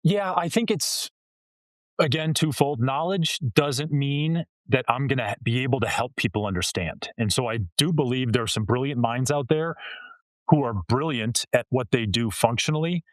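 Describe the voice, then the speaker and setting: Male communication coach guest, mid-pitched, earnest and coaching, dry close studio mic. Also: moderate pace, no room sound. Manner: earnest, coaching tone with illustrative quotes. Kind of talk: conversational interview answers.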